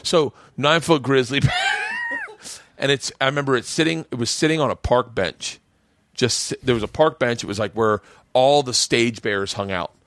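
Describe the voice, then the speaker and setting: A middle-aged man hosting a podcast, telling a comic story in a lively, swearing, stage-comedian way. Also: mid-range voice, fairly quick, no echo. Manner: lively, swearing, acts out the voices in his story. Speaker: podcast host.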